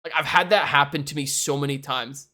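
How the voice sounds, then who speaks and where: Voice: mid-range voice, a little fast, bright, forceful tone. A young adult from Canada, chatting casually and rambling on a live stream while reacting to chat. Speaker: livestreamer.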